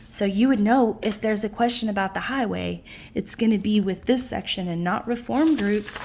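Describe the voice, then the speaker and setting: A woman teacher, tired late at night, slowly and patiently walking students through their notes in a recorded lesson. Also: medium pitch, darkish tone, slight background noise. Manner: slow, patient explaining.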